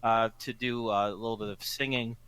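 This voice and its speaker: A man running a tabletop game as game master, relaxed and full of fillers. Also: medium pitch, brisk, a little hiss or hum.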